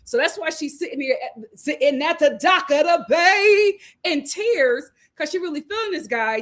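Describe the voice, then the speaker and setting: High-voiced woman hosting a lively recap. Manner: animated, laughing, acts out the cast's lines. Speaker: host. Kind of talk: casual reality TV recap.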